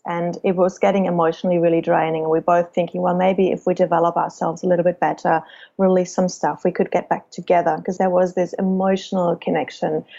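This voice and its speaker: A woman's voice: fairly low pitch, mellow, lo-fi sound. A woman guest on a podcast, telling personal stories in a reflective, spiritual way. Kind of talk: personal storytelling in conversation.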